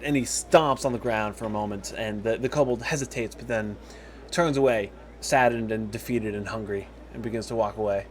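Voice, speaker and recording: A man narrating as dungeon master in a tabletop game, lively with many fillers. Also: medium pitch, fairly quick, faint music behind.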